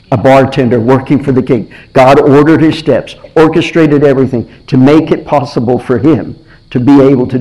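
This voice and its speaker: Guy preaching, warm low-key tone, tells stories, does little voices, repeats himself a lot. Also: low-quality recording. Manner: animated storytelling, acts out voices, repeats himself. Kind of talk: sermon.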